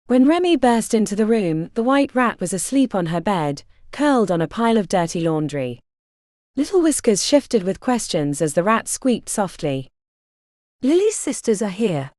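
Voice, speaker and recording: A woman narrating a fantasy audiobook in an expressive, scripted reading. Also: mid-range voice, dry recording, studio quality.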